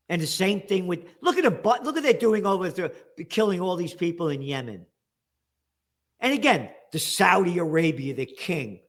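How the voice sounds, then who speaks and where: High, animated man ranting. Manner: ranting, sarcastic, bursts of shouting. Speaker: guest commentator. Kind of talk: ranting political commentary.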